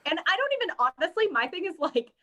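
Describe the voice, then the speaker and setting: A woman's voice: extremely high pitch, sing-song, fast talker, bright, forceful tone, a little hiss or hum. A woman co-hosting a podcast in casual chat, reading out news and talking wryly, often laughing as she speaks. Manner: wry, laughs while talking. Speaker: podcast co-host.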